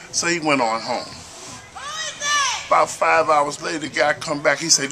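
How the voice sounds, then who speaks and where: A man's voice: on the high side, a little fast, gravelly, long pauses, music in the background. A man telling dirty jokes in a casual, folksy drawl, acting out stutters and punchlines. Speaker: joke teller. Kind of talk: casual joke telling to camera.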